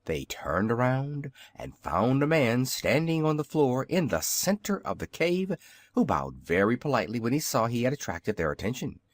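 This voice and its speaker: A man narrating a children's audiobook in a measured, expressive reading style. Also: mid-range voice, no room sound, clean studio sound. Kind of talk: scripted narration.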